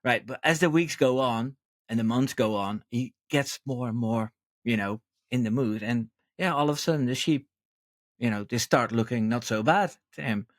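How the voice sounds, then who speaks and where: A man's voice: medium pitch, moderate pace, dry recording. A man hosting a podcast, telling a long joke in a rambling, hesitant way. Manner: rambling, hesitant, many ums and restarts. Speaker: podcast host. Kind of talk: casual chat, telling a joke.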